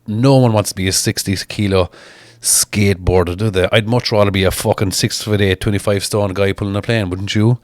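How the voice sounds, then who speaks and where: A man's voice: on the low side, steady tone, fairly quick, dry recording. A man, chatting casually as he reads viewer comments aloud and answers each one in a blunt, mocking, sweary way. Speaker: strongman reading viewer comments. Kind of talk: casual chat.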